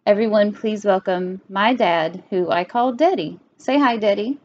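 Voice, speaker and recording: A woman's voice: medium pitch, unhurried, darkish tone, dull audio. A young woman, hosting a casual podcast chat with her father, giggly and full of fillers. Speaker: podcast host.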